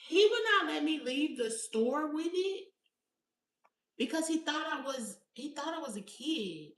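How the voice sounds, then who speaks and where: A woman's voice: high voice, animated, measured pace, reverberant, far from the mic. A woman in her thirties from Alabama with a Southern accent and a youthful-sounding voice, rambling through casual stories to her viewers. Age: 30s. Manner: chatty, rambling storytelling. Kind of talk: casual vlog chat.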